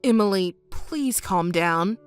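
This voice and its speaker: Woman reading cheating husband, pleading, defensive, stammering, lively pitch, soft background music. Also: slow pace, clear, resonant tone. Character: cheating, embezzling husband, adult man. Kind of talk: scripted texting-story reading.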